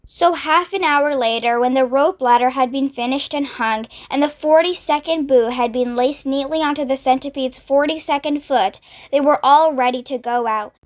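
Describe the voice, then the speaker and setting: A woman reading a children's book aloud in a steady, expressive narration. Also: sits high, moderate pace, hardly any pauses. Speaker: storyteller.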